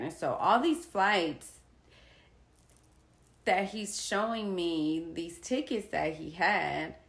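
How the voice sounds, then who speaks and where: Candid woman, roomy sound. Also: lowish voice. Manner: candid, animated retelling with quoted dialogue. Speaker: vlogger sharing personal experience. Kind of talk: casual personal storytelling to camera.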